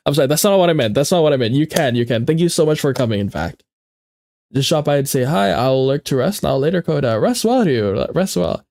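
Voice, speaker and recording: Speaking a little fast in a slightly high, a little mellow voice with lively intonation, a young man with a stuffy nose chats playfully on a casual livestream, often saying things twice. The recording is dry with clean studio sound.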